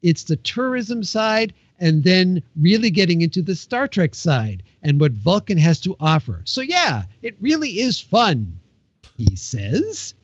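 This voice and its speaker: A man's voice: high voice, big pitch swings, measured pace, breathy edge, no room sound, highs cut off. A man co-hosting a casual podcast, reading news items and joking with the others. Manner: jokey, laughs and whoops often.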